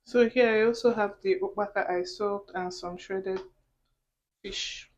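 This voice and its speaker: A woman's voice: mid-range voice, fairly even intonation, measured pace, lo-fi sound. Chatty woman cooking on camera. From Nigeria. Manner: chatty, talks while cooking, asides to viewers. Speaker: cooking vlogger. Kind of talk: casual cooking tutorial. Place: home kitchen.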